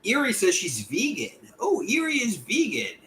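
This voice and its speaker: A man's voice: sits high, huge pitch swings, measured pace, sharp tone, slight background noise. A man hosting a casual livestream, rambling and chatty as he reads out viewer comments and greets them by name. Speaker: livestream host.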